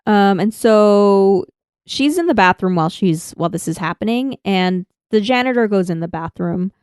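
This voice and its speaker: A woman's voice: mid-range voice, animated, normal speed, a little mellow, smooth, dry recording, studio quality. A woman co-hosting a podcast, recapping a story in casual chat and giggling. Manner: recaps plot with acted-out quotes, giggly. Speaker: podcast co-host.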